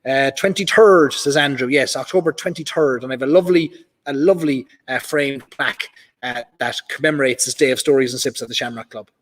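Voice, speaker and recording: A man with an Irish accent hosts a live whiskey stream from a large club function hall, chatting casually, reading out viewer comments, and using many fillers. His voice is medium-pitched and fairly bright, a little fast. The hall sounds reverberant.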